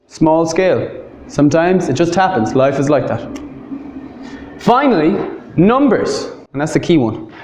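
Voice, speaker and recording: A man with an Irish accent giving an English grammar lesson, slowing down to say each example phrase clearly. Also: fairly high pitch, darkish tone, reverberant, a little hiss or hum. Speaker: English teacher.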